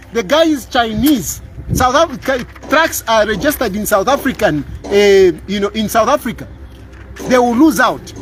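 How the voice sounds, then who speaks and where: A middle-aged man with a Zambian accent, a lawyer making an impassioned appeal to camera, repeating himself and tagging lines with "eh?". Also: very high voice. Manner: emphatic, repeats lines, tags "eh?" for agreement. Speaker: public lawyer.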